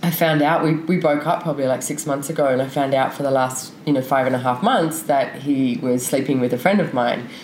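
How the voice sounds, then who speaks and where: A woman's voice: very deep voice, brisk, hardly any pauses, darkish tone. A woman, a podcast guest talking openly and frankly, rambling with lots of fillers. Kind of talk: candid conversational interview. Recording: echoey room with faint noise.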